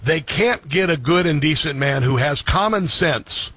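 Husky-voiced man hosting a talk show. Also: on the high side, animated, a bit bright, dry recording. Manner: scoffing, quick, many fillers. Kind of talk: opinionated commentary.

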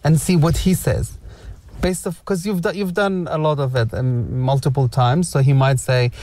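A man's voice: on the high side, fairly even intonation, normal speed, a little mellow. A man hosting a casual parenting discussion, coaching the group with examples and practice prompts. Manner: coaching, gives examples and role-play prompts.

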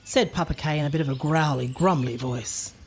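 A woman narrating a children's storybook in a playful, expressive way. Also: sits low, a little fast, a little hiss or hum.

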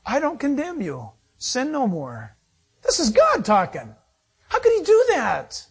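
A man's voice: very high-pitched, huge pitch swings, measured pace, husky. A middle-aged male pastor preaching a sermon, acting out quotes and laughing as he goes.

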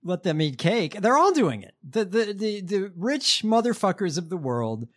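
Male podcast host, casual political chat, halting and crude, voice a bit high. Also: big pitch swings. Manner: profane, halting with many fillers.

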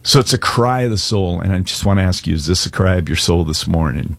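A man's voice: sits low, expressive, fast talker, vocal fry, few pauses, no echo. A male pastor giving an earnest, conversational sermon and altar call, with casual slang.

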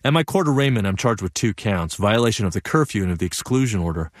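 A young man performing a one-man theatrical monologue, narrating with vivid, animated storytelling. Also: on the low side, fast talker, no room sound, studio quality. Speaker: solo stage performer and narrator.

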